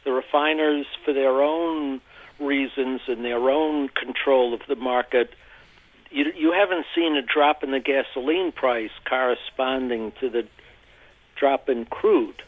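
A man's voice: medium pitch, dry recording. Man talking on a tinny phone line. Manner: halting, repeats words while thinking. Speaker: interview guest, energy commentator. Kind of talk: phone-in radio interview.

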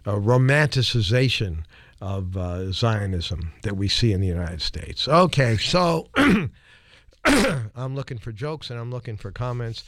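A man's voice: mid-range voice, sing-song, a little slow, a bit bright, no echo. Laughing male radio host, dry studio sound. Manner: laughs easily, hesitant with many fillers. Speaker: radio talk show host. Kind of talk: call-in radio talk.

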